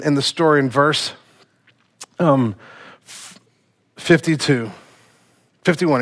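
A man's voice: medium pitch, a bit bright. A man preaching a sermon as a pastor, casual and conversational with slangy asides.

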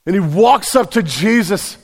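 A man's voice: high voice, expressive, measured pace, vocal fry, husky. A man preaching a sermon as pastor, conversational and emphatic, stumbling on repeated words. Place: church sanctuary. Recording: long reverb in a large hall.

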